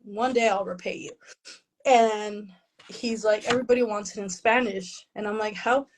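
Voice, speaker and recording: A woman's voice: medium pitch, steady tone, moderate pace, noisy background. A woman author being interviewed, talking casually and with self-deprecating humor, laughing often and slipping Spanish phrases into her English. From Mexican family, raised in the US.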